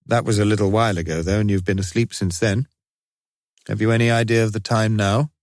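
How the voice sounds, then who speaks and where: A man voicing a calm, careful senior eye surgeon who asks gentle, measured questions. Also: on the low side, dry recording, clean studio sound, close to an everyday voice.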